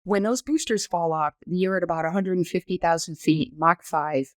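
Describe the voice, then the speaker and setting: A woman in her sixties, a former astronaut guest on a podcast, telling her story in a detailed, measured, explanatory way. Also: fairly low pitch, dry recording. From United States. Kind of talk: conversational storytelling interview.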